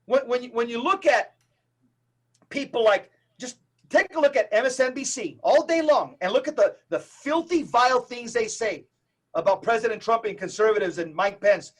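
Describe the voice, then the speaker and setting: A man who is a Catholic evangelist, a guest on a podcast interview, talking in an emphatic, preacher-like, rapid-fire way. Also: very high voice, animated, a bit bright.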